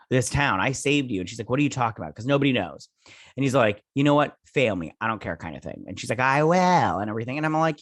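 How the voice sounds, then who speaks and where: A man hosting a casual TV episode review, retelling scenes in a rambling, animated way with quick quoted character bits, recorded in a dry space. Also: fairly low pitch, no echo. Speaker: show host reviewing a TV episode.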